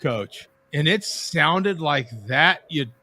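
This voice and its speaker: A man's voice: fairly high pitch, expressive, slow, bright, forceful tone. A man hosting a casual live-stream chat, joking and laughing often. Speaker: host.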